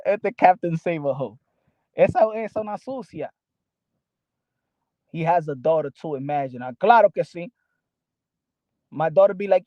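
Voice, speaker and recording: Heated high-voiced host. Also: male voice, expressive, unhurried, pauses often, no echo, dull audio. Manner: heated, mocking, switching between English and Spanish. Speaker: boxing channel host. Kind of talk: livestream commentary answering chat.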